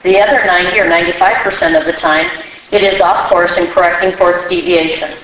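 Lady reading aloud slow and steady, far off the mic, big echo. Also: fairly low pitch. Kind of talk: reading a daily reflection aloud. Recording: far from the mic in a very echoey room.

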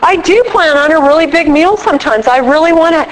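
A woman speaking casually at a recovery meeting, animated and acting out little quoted voices as she explains. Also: sits high, a little fast, rough recording. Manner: animated, acts out quotes with props. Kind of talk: casual workshop talk.

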